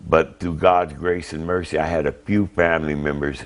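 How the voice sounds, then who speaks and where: Deep-voiced older man, plain-spoken. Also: steady tone, moderate pace. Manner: plain-spoken, polite, answers with "yes, ma'am". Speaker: interview guest, grandfather. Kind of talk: emotional personal account.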